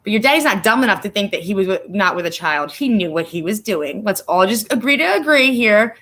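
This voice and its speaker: Brisk and fairly bright, her mid-range voice has lively intonation as this vlogger rambles through a casual live stream. She swears with sarcasm and turns emotional, tearing up at times over viewers' comments.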